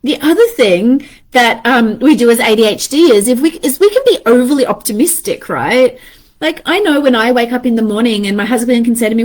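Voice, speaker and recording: A woman's voice: a little high, lively intonation, fairly quick. A woman in her thirties talking casually and animatedly to viewers about ADHD, swearing freely and acting out her inner voices.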